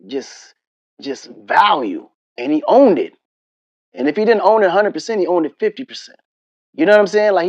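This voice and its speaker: A man as an interview guest, telling casual, animated stories full of slang and laughter. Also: fairly high pitch, no echo, highs cut off. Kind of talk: casual storytelling conversation.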